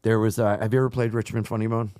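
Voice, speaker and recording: A man's voice: on the low side, rapid-fire, clear, resonant tone, dry recording. A man, a comedian, telling stories in a casual podcast chat, often swearing. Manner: animated, swears, voice rises when excited. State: out of breath when retelling.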